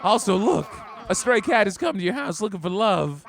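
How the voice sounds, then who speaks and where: Campy gossip Mister Tinkles. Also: male voice, high-pitched, very animated, creaky, heavily acted. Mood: gossipy. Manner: campy, theatrical, drawn-out delivery. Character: flamboyant gossipy male cat-town neighbor. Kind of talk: game character dialogue.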